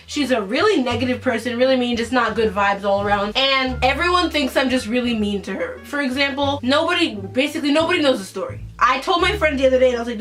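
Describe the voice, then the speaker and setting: A teenage girl telling a story from her school days to the camera, casual and animated. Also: fairly high pitch, recorded from a distance. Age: teens. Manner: animated, dramatic retelling with acted-out quotes. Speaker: vlogger.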